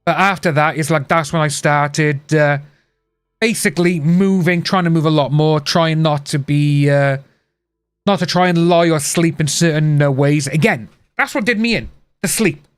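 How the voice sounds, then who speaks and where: A man's voice: on the high side, normal speed, clean tone, dry recording. A man hosting a casual live stream, telling a long personal story with many side remarks. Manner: rambling personal storytelling with asides.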